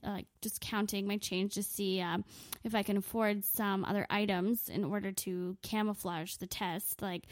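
A young woman in her twenties tells a comic story, swearing freely and mocking herself with dry sarcasm. Her voice sits at an ordinary middle pitch. The recording is dry and close, with no room sound. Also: no room sound. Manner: profane, sarcastic, self-mocking. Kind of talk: comedic storytelling monologue.

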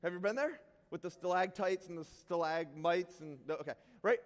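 Animated, self-mocking male pastor with a high voice; sermon story in a hall with long reverb. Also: normal speed. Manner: animated, self-deprecating, bursts into shouts.

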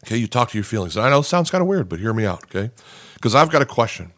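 A man's voice: fairly low pitch, sing-song, rapid-fire, a bit bright, dry recording, clean studio sound. A man preaching a sermon in an earnest, conversational way, often repeating words and checking in with "okay?". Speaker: pastor. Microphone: podcast microphone.

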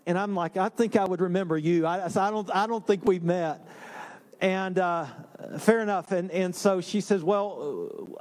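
A man, a pastor, preaching a sermon in a relaxed storytelling way with self-deprecating humor. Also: high-pitched, moderate pace. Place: church sanctuary.

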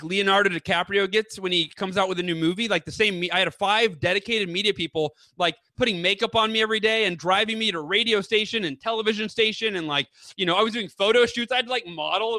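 A man's voice: high-pitched, bright, forceful tone, dry recording. A man as an author guest in an interview, telling stories with rambling enthusiasm. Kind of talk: casual interview chat.

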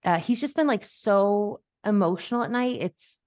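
A woman's voice: medium pitch, animated, moderate pace, darkish tone, no room sound, studio quality. A woman hosting a podcast as a life coach, talking casually and animatedly, acting out quoted voices and laughing easily. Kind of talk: casual conversational chat.

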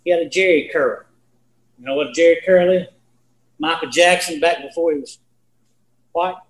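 A man's voice: a little high, moderate pace. A man in his sixties leading a casual Bible study, talking in a folksy, rambling, storytelling way. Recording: echoey room.

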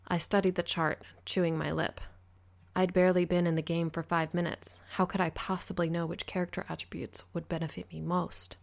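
A woman narrating an audiobook in the first person, in an even, measured reading. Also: on the low side, vocal fry.

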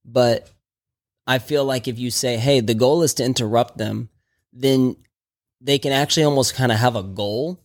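A man's voice: medium pitch, moderate pace. A man chatting casually as a dog trainer on a podcast, loose and rambling with many restarts. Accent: Texan.

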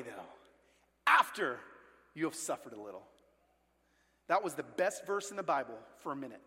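A man in his forties preaching a sermon as pastor, telling family stories with lively acted-out voices. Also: high voice. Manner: animated storytelling, acting out family voices. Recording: long reverb of a large hall.

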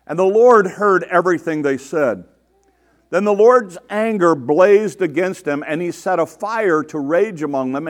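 A man preaching a sermon, reading scripture aloud and stopping often to explain it, acting out the quoted complaints with exasperation. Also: high-pitched. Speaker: pastor.

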